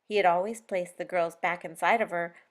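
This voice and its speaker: A woman author narrating her own novel as an audiobook, with expressive storytelling and lively emphasis. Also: on the low side, a little fast.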